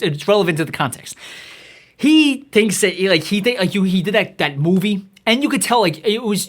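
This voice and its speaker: A man's voice: fairly high pitch, fairly bright tone. A man hosting his own podcast, delivering a rambling, profanity-heavy comedic rant that is exasperated and mocking and full of restarts. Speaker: podcast host.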